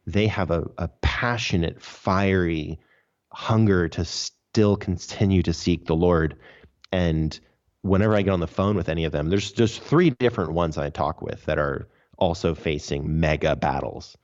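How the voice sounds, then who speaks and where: A man's voice: low-pitched, normal speed, a little mellow. A man, a podcast guest, recounting his story earnestly and emphatically in a casual interview. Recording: dull lo-fi audio.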